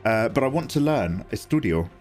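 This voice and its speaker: A man's voice: lowish voice, expressive, moderate pace, darkish tone, soft background music. A man chatting casually and self-deprecatingly on a live art stream while he draws, reading chat aloud.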